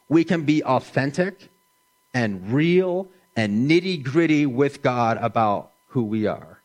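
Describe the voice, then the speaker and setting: A middle-aged man preaching a sermon in a slow, gentle, measured way, dropping his voice softly for emphasis. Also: medium pitch, lively intonation. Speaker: pastor.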